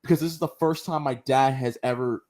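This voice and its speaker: A man co-hosting a casual podcast, talking in an animated, slangy way and acting out lines with big jumps in pitch. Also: a little fast. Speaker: podcast co-host. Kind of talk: casual show review chat.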